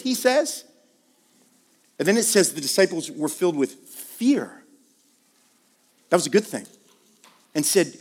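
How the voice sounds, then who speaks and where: A man's voice: high-pitched, animated, unhurried, long pauses, long reverb tail. A man preaching a conversational sermon, moving from casual asides to emphatic questions. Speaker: pastor.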